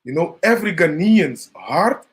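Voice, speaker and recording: Slow-talking man, high voice. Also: expressive. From Netherlands. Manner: slow, gentle, says "you know" often. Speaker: live-stream host. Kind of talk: casual chat.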